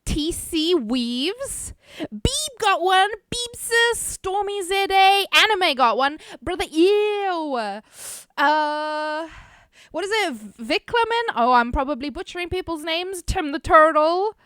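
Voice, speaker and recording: A woman streamer chats casually with her live audience, laughing easily and swearing in passing. Her voice sits high and sounds bright. She talks at an unhurried pace, and the recording is dry and close. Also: animated, dry recording. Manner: chatty, laughs often, reads chat names aloud, swears casually.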